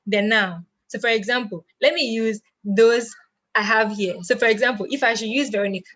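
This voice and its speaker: A woman's voice: mid-range voice, a bit bright. A woman teaching an online language lesson, explaining step by step and answering her own questions as she goes.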